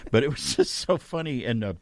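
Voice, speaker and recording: A man's voice: mid-range voice, big pitch swings, fairly quick, no echo. A man hosting a talk radio show, chatting at length and correcting himself as he rambles along. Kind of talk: casual chat radio talk. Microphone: studio microphone.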